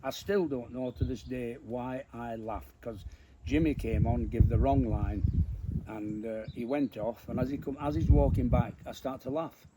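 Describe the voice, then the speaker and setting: An older man, a comedian being interviewed, telling animated stories and acting out the voices. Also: mid-range voice, normal speed. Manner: animated, laughs through his stories, acts out voices. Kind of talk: anecdotal storytelling. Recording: noisy background.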